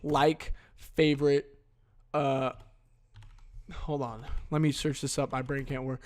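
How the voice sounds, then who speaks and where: Slow, flat, and a little mellow, this mid-range male voice belongs to a solo podcast host. Bent over a desk mic, he rants crudely and brushes things off, cursing throughout.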